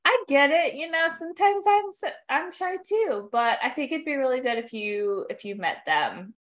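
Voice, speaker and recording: A woman's voice: sits high, animated, normal speed, a bit bright. A woman player speaking in character in a tabletop game, playful and joking.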